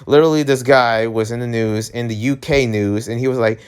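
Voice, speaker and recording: A man's voice: medium pitch, fairly even intonation, fairly quick, smooth. A young man talking casually in a rambling, filler-heavy vlog monologue. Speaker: vlogger.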